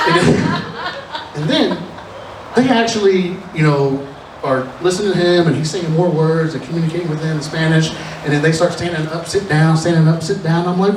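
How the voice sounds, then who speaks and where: A man's voice: a little high, moderate pace, distant mic, background noise. A nervous young man telling self-deprecating stories in a stand-up set at a live comedy show. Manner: self-deprecating, chatty storytelling with many restarts. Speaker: opening comedian. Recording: echoey live room recorded from afar.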